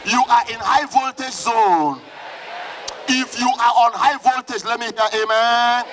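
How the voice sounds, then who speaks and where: A man with a Nigerian accent preaches at a very high pitch. He drives his sermon with fervor, shouting and calling back to the congregation. The delivery is a live church sermon. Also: measured pace, a faint crowd, slight background noise. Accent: Nigerian English. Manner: fervent, often shouting, calls on the congregation to respond. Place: church service.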